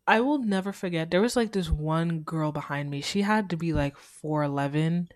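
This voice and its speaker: A woman's voice: sits low, moderate pace, dry recording, clean studio sound. A young woman co-hosting a podcast, telling concert stories in casual chat, laughing often. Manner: animated storyteller, mimics other voices, laughs often. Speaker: podcast co-host.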